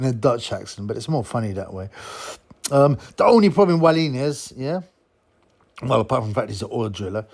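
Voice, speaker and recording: A man's voice: medium pitch, darkish tone. A man giving a blunt, mocking, casual monologue as a boxing commentator. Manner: blunt, mocking, chuckling asides.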